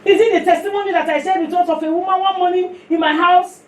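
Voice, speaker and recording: A woman preaching, telling a testimony in animated storytelling that slips into pidgin, then leading prayer. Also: very high-pitched, fast. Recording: echoey hall from far off.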